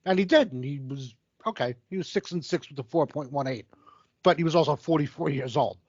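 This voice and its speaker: Speaking fairly quickly in a darkish, higher-leaning voice, a man in his forties co-hosts a casual sports podcast, cursing freely and reeling off numbers. There's no room sound, and the recording is dull, lo-fi and dry.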